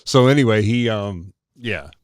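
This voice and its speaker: A man, co-hosting a podcast in relaxed, laid-back banter. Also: lowish voice, a little slow. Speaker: podcast co-host. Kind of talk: casual chat.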